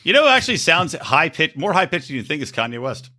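A man with a very bright, ringing voice banters on a podcast, joking loosely and cursing as he goes. His pitch swings widely, jumping up when he gets worked up. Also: big pitch swings, quick pace. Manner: loose, joking, swears freely. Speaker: podcast co-host.

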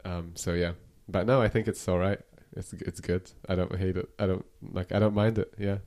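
A male podcast guest rambles casually, leaning heavily on "like" and swearing freely. His voice sits low with a darkish tone, fairly even intonation, and a normal speed.

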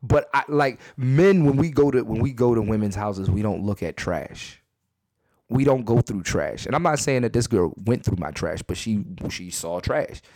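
A man hosting a comedy podcast, telling stories in a profane, animated way and repeating lines for emphasis, recorded in a bedroom at home. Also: on the low side, moderate pace, no echo, studio quality. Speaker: podcast host. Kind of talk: comedic storytelling monologue. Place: his second bedroom at home.

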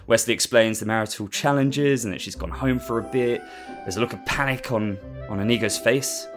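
A man's voice: medium pitch, fairly quick, hardly any pauses, faint music behind. A man casually recapping a story as host, rambling with lots of fillers and laughing at himself. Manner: rambling, with many fillers and restarts, and amused.

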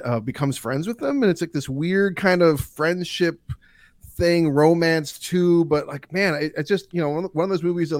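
A man's voice: on the high side, no room sound. A man co-hosting a podcast, talking through the films he watched in a loose, rambling way. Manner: rambling, full of fillers and restarts. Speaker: podcast co-host. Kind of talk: casual movie chat.

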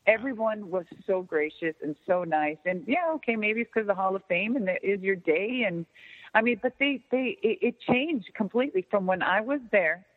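A woman telling a story in casual chat, animated and profane, often jumping into an excited high voice. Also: moderate pace. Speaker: podcast guest. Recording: tinny phone-line sound with long reverb.

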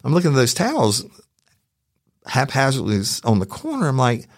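A man hosting a true crime podcast, telling a personal story in a profane, animated way. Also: mid-range voice, moderate pace, long pauses, no room sound, studio quality. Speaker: podcast host.

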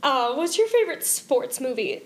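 A woman co-hosting a podcast in casual chat, reacting with gasps, quick exclamations and easy laughter. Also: sits high, very animated, a crowd in the background. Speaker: podcast co-host.

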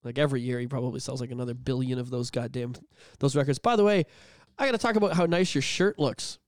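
Young male podcast co-host, quick and crude, dry close mic. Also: mid-range voice, no room sound. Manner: rambling, profane, joking. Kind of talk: casual chat.

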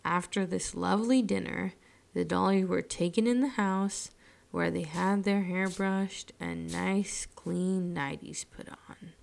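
A woman storyteller reading a children's story aloud in a slow, soothing way, dropping her voice at line ends. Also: on the low side, fairly even intonation, creaky.

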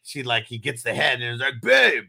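A man's voice: mid-range voice, steady tone, fairly quick, vocal fry, bright, forceful tone, husky. A man co-hosting a podcast, retelling film scenes in loose, profane casual chat. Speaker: podcast co-host.

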